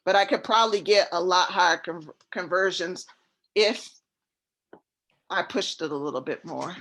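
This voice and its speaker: A woman on a coaching call, talking in a laid-back, fairly monotone way about her trouble closing deals. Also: normal speed. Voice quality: even, fairly monotone delivery. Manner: laid-back, relaxed and low-key. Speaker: real estate syndicator seeking coaching.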